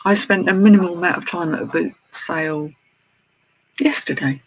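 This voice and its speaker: A man's voice: high-pitched, normal speed, slightly rough. A British man chatting casually as an online reseller, showing his sales and greeting viewers in a self-deprecating way. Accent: British English. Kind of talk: casual vlog chat. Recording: slightly dull lo-fi sound with faint noise.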